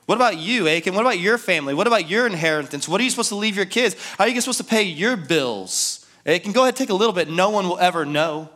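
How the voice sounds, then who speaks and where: Man doing a wheedling tempter Satan, sly, coaxing, whispery, fairly high voice. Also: lively intonation, fast talker, hardly any pauses, pushed and bright.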